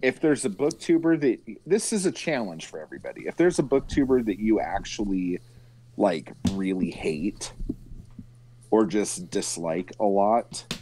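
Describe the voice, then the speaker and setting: A man's voice: fairly low pitch, lively intonation, unhurried, dark tone, a little hiss or hum. A man co-hosting a casual chat show over a video call. He tells stories with swearing and mimics the people he is talking about. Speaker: podcast co-host.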